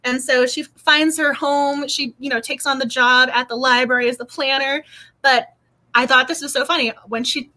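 A woman hosts a casual book club livestream from home, bubbly and quick to laugh. Her voice sits high and sounds bright and sharp. She talks in an easy, chatty way. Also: steady tone.

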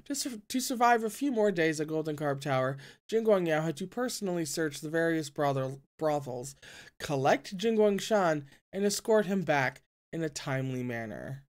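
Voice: medium pitch, expressive, normal speed. A reader narrating a novel aloud with asides, often tripping over words and correcting them. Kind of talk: reading a novel aloud with commentary.

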